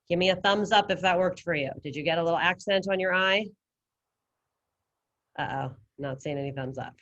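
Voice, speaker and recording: Teacher, woman, lowish voice, casual step-by-step coaching over video call. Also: a little fast, fairly bright tone, muffled recording. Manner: casual, encouraging, talks students through steps. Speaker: Spanish teacher. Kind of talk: online class instruction.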